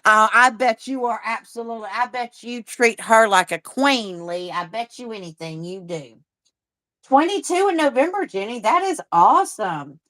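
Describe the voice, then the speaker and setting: A woman's voice: a little high, lively intonation, moderate pace, a bit bright, no echo. A woman, chatting casually and rambling as she hosts a livestream and answers viewer comments. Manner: rambling and chatty, with frequent restarts and a drawl. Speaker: livestream host.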